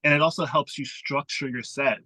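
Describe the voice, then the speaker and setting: A man's voice: mid-range voice, fairly even intonation, brisk, bright, forceful tone, no echo, poor audio. A man, a comedian, chatting casually about writing his sets, acting out his own thoughts as he talks.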